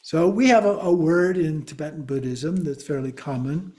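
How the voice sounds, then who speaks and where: A man's voice: a little high, moderate pace, dark tone. A middle-aged man, a Buddhist teacher, giving a class lecture, patiently spelling words out letter by letter.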